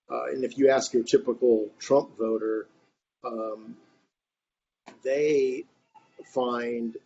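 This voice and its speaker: Man rambling in a group chat, pretty monotone, muffled audio w/ faint hiss. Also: mid-range voice. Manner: rambling, many fillers and restarts. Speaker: discussion participant. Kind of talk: casual discussion remarks. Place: online reading group. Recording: muffled, faint background noise.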